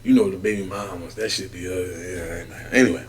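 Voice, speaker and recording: A man, co-hosting a podcast and telling a long, profane story in casual chat, animated and acting out other people's voices. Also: sits low, a little fast, slight background noise. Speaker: podcast co-host.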